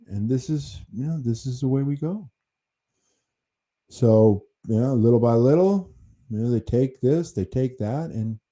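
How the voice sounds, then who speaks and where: A man's voice: mid-range voice, dark tone. An American man hosting a livestream, talking in an indignant, rambling way, full of fillers and restarts. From United States. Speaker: livestream host.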